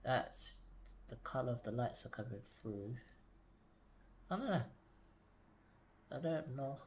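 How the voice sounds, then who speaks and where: Male streamer, quiet and mumbly, hesitant, thinks aloud, sits back from the desk mic. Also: medium pitch, expressive, takes it slowly, slight background noise. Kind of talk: casual live-stream commentary while working. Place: home desk. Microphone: desk mic, sometimes leaning back from it.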